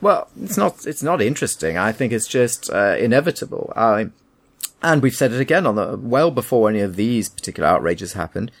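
Creaky-voiced opinionated man. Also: on the low side, very animated, brisk. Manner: opinionated, emphatic, with frequent restarts. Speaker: podcast co-host. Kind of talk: casual argumentative chat.

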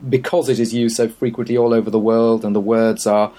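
A man's voice: on the low side, flat delivery, brisk, warm tone. A man in casual conversation, giving wry, opinionated and meandering explanations. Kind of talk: casual chat.

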